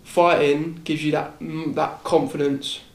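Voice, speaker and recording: A man's voice: a little high, little pitch movement, a little slow, reverberant. A young man on a casual podcast, telling a rambling story, repeating words and swearing casually. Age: young adult. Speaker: podcast host.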